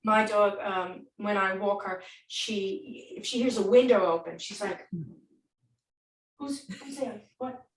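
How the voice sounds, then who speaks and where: A woman's voice: mid-range voice, steady tone, unhurried, hardly any pauses. Chatty woman host, echoey and distant. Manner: chatty, playful, laughs along. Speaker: podcast host. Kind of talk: casual chat.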